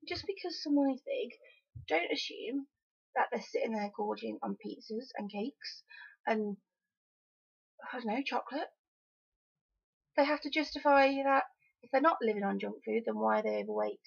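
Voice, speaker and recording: Gravelly-voiced young woman, frank and exasperated. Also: on the high side, muffled recording. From Wales. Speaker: vlogger. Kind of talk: casual opinion vlog.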